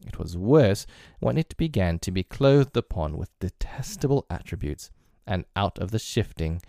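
Male narrator, very low voice, dark mellow tone, measured audiobook reading, dry close sound. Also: no echo. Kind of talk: scripted audiobook narration of a classic novel.

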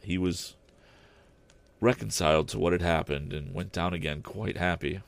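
Gravelly deep-voiced man narrating a story. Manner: expressive, slow deliberate reading. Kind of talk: audiobook narration.

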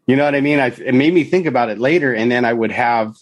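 A man's voice: medium pitch, quick pace, dry recording, highs cut off. A middle-aged man telling his own story in conversation, candid and rambling, with many "you know" and "right?" asides. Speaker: podcast guest, author and counselor.

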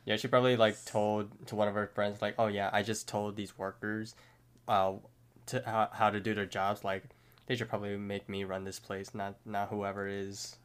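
Podcast co-host guy, low smooth voice, easygoing. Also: level tone, normal speed. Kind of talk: casual chat.

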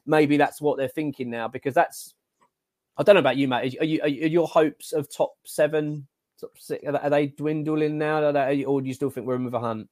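A man from England co-hosting a casual football podcast, giving animated, exasperated opinions and calling his co-host mate. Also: on the high side, brisk, dry recording, studio quality.

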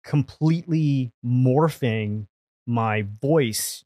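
A man from India talks as a podcast guest in an animated, storytelling way. He restarts sentences and swears casually, at a middling pitch, recorded close and dry with no room sound. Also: very slow, no echo. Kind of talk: casual conversation.

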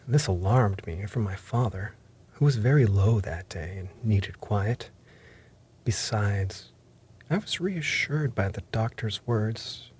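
A man reading a story aloud in first-person narration, measured and even. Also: fairly low pitch, breathy edge. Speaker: audiobook narrator.

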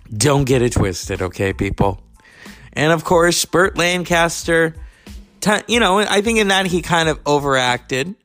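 Speaking in a slightly high, a bit bright voice with no room sound, a male podcast host from California rambles casually through stories, throwing in profane, chatty asides.

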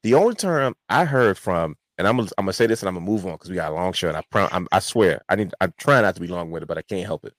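A man's voice: deep voice, lively intonation, rapid-fire, hardly any pauses, no echo. A man hosting a wrestling podcast, telling a long rambling story in casual chat. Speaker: podcast host.

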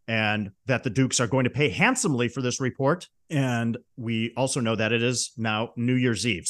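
A man hosting a podcast, casually recapping a comedy film plot in an amused, chatty way. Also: mid-range voice. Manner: chatty, amused retelling with brief quoted impressions. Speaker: podcast host.

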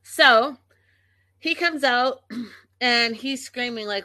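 Slow, bright-voiced indignant woman vlogger. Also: on the high side, no room sound. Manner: emphatic, indignant, swears freely. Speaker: reality TV commentator. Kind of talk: casual opinionated recap.

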